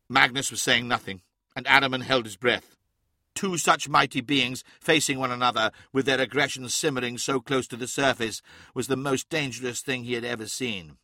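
A man narrates a fantasy audiobook in a measured, dramatic style. His voice is bright, gravelly and a little husky, recorded close and dry. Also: mid-range voice, steady tone, no room sound.

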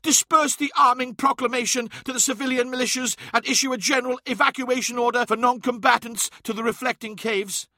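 A man voicing a young warrior telepath, raised high and strained, crying out in anguish and barking urgent military orders in a fantasy audiobook. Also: steady tone, fairly quick, hardly any pauses, dry recording, clean studio sound. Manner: anguished shouting, urgent commands. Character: young male warrior telepath, desperate and shocked.

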